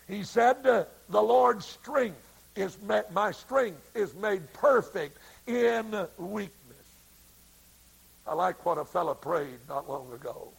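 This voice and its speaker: A man preaching a sermon, slow and dramatic, swinging between hushed lines and loud ones. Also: high voice, vocal fry, slightly rough.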